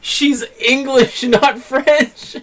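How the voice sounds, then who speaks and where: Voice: high voice, fairly even intonation, extremely slow, a bit bright. A streamer chatting casually during a let's-play, teasing friends and laughing a lot.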